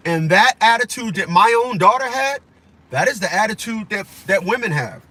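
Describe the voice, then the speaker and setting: A man's voice: high voice, animated, moderate pace, sharp tone. A man delivering a heated, profane opinion rant as a vlogger, repeating himself for emphasis.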